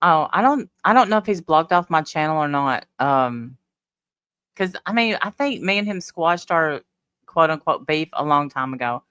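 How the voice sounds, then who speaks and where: A woman with a low, dark-toned voice chats bluntly with her live viewers, answering comments as they come in. Her voice sits close and dry, with no room sound around it. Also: lively intonation, moderate pace, clean tone, no echo. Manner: chatty, blunt, talks back to chat. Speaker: livestream host. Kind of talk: casual live chat reading comments.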